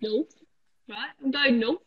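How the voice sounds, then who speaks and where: A woman's voice: fairly high pitch, unhurried, breathy edge, lo-fi sound. A woman co-hosting a makeup vlog, trading dry, teasing jokes in casual banter. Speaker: co-host.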